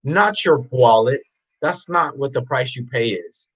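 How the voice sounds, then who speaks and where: A man's voice: mid-range voice, animated, measured pace, husky, low-quality recording. Intense preachy man firing questions. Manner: blunt and profane. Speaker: motivational vlogger. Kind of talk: unscripted motivational rant.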